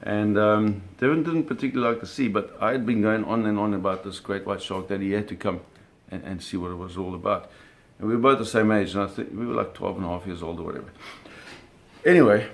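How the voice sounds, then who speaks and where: Man, middle-aged, slightly low voice, casual storytelling, animated, sound effects, acted quotes. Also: fast, gravelly. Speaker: storyteller recounting a fishing trip.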